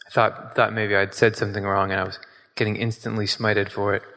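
A man preaching in a relaxed but emphatic way, reading scripture aloud and then talking it through with his listeners. His tone is bright and forceful. The hall around him rings with a long reverb. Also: on the low side, fairly quick. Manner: conversational, emphatic, asks the audience questions. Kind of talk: casual sermon with scripture reading.

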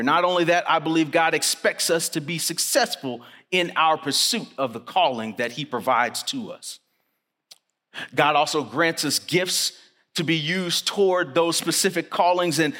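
A man delivers a sermon in an earnest, emphatic way, slowing down on the lines he wants to stress. His voice sits a little high for a man. The sound rings with the long reverb of a chapel hall. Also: pushed and bright. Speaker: chapel preacher.

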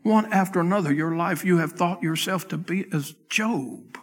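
Impassioned preaching man, higher voice. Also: normal speed, few pauses, in a large hall. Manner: impassioned preaching, rising to loud peaks and dropping to hushed tones. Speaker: pastor. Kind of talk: sermon. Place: church sanctuary.

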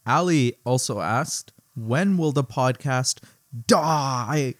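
A man's voice: medium pitch, lively intonation, slow, no room sound, studio quality. A man co-hosting a podcast in casual chat, laughing often and reading listener questions aloud. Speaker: podcast co-host.

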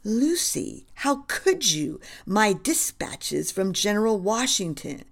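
A woman voicing an 18th-century American general who gives brisk, alarmed orders. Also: low voice, gravelly. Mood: dismayed.

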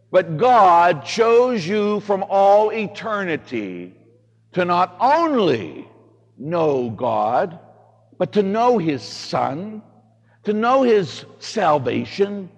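A man, a priest, giving a homily, telling stories with big swings between hushed, quiet lines and loud shouting. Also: high voice. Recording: long hall reverb.

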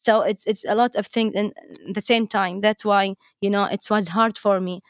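A woman's voice: medium pitch, steady tone, normal speed, clean tone, dry recording. Woman, Arabic speaker, storytelling teacher, chatty, repeats words, dry close sound. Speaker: teacher, interview guest. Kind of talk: storytelling anecdote.

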